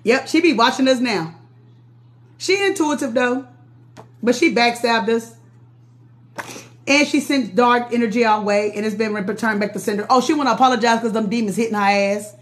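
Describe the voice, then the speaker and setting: A woman's voice: fairly high pitch, normal speed, pauses often. A woman, giving a casual live-stream tarot reading, chatty with viewers and often laughing. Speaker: tarot reader.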